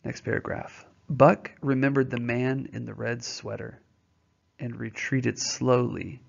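A man's voice: medium pitch, steady tone, unhurried, vocal fry. A male teacher reading a novel aloud and explaining it to students in a patient, informal way, often checking their understanding with questions. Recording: dull lo-fi recording.

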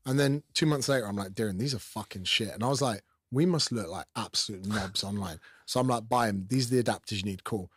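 A man hosting a podcast, telling animated stories in casual, sweary chat. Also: on the low side, quick pace, hardly any pauses, slightly rough, no room sound, clean studio sound. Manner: animated storytelling with swearing and acted-out quotes. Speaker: podcast host. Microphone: studio podcast mic.

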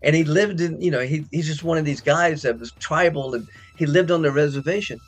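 A middle-aged man, an actor, telling lively behind-the-scenes stories and acting out quotes. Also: brisk. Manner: acts out quoted dialogue with big pitch jumps. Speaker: actor interviewed about a past film. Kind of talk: animated anecdotal storytelling.

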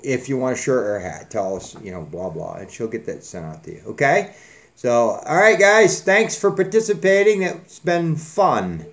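A man's voice: mid-range voice, animated, moderate pace, fairly bright tone. A man hosting a casual giveaway drawing on his channel, joking and rambling in a folksy way. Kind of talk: casual chat.

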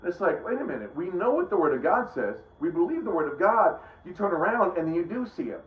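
High-pitched with big pitch swings, this middle-aged preacher speaks quickly during a casual Bible teaching. His conversational delivery rambles and keeps restarting sentences he's broken off. The recording comes across as roomy and dull, lo-fi.

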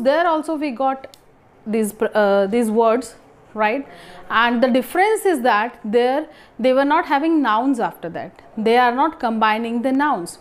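A young woman with a fairly high voice leads a grammar lesson. She keeps asking questions and answering them herself, with restarts and fillers as she explains. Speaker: English grammar teacher. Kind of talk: classroom lesson.

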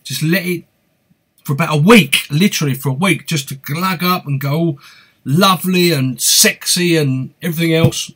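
This fishing channel host speaks at a normal speed in a voice that's high for a man, fairly bright and slightly rough. With an East London accent, he chats upbeatly on a live Q&A stream, reading out viewer comments and greeting people by name.

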